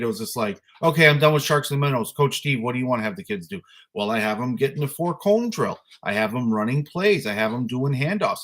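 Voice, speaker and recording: Animated man ranting about coaching. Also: medium pitch, slightly rough. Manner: animated, exasperated ranting with mimicked voices. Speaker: podcast co-host, youth flag football coach. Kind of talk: casual storytelling chat.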